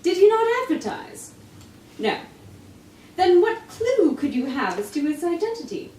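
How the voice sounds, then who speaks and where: A woman's voice: very high voice, big pitch swings, measured pace, darkish tone, slight background noise, voice pushed up, full character voice. A woman voicing a puzzled Victorian male doctor, the detective's friend. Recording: echoey room, mic from far off.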